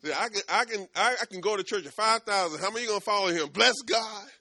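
Male preacher, bright lively delivery, dry close recording. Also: high voice, fast talker, no room sound. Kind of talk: sermon.

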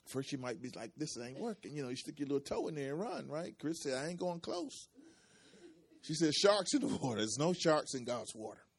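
Very animated and a little fast, this pastor's voice runs on the high side with a breathy edge. His sermon is built on repetition and call-and-response with the congregation, its intensity rising and falling.

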